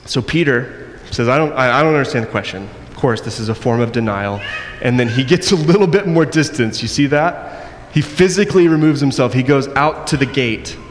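A man preaching a sermon, acting out the quoted voices and moving between loud and soft passages. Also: mid-range voice, expressive, moderate pace, hardly any pauses. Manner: acts out quoted voices, varies loudness widely. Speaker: pastor. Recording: long echo in a hall, faint noise.

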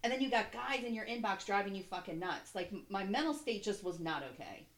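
A woman's voice: medium pitch, animated, brisk. Young woman cohost just chatting, rambly, lots of "like", swears a bunch. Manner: candid, swears freely, rambling with fillers. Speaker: podcast co-host. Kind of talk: casual chat.

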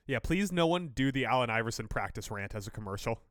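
A man's voice: medium pitch, no room sound, clean studio sound. A man co-hosting a sports podcast, giving strong opinions and teasing his partner in casual chat. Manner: opinionated, animated, quick to tease. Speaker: podcast co-host.

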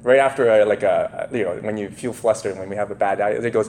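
A man preaching a sermon, telling a parable with lively asides and acted-out voices. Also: on the low side, a little fast, slight background noise. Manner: animated, lively storytelling with asides and laughs.

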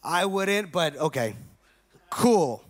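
A man's voice: a little high, animated, slow, pitched below the performer's own voice. A man voicing Jesus as a laid-back, eager young man in casual slang, in a comic bit within a sermon.

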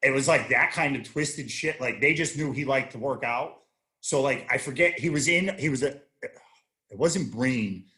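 A man's voice: medium pitch, moderate pace, pushed and bright. A man in his thirties, a guest on a casual chat show, telling rambling, profane stories with many restarts. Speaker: podcast guest, army veteran.

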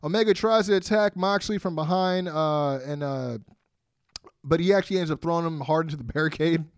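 A man walks through a wrestling match blow by blow in a casual podcast recap, stopping often with fillers. His voice sits fairly high, and the sound is dry and close. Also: brisk, smooth, dry recording. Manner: play-by-play recap with fillers and laughs. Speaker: podcast co-host.

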